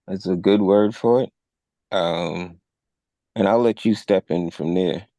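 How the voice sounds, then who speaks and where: This low, dark-toned man talks slowly as he retells a news story in conversation on a podcast he co-hosts. His delivery is measured, except when he acts out quoted officers with a raised voice. No room sound is audible.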